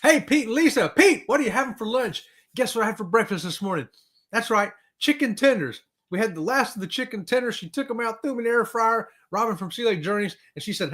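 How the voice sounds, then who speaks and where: A man chats on his livestream at home, greeting viewers one after another. His voice sits high and swings widely in pitch, with frequent whoops and easy laughter. He sounds excitable and drawls casually. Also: fast. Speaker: livestream host.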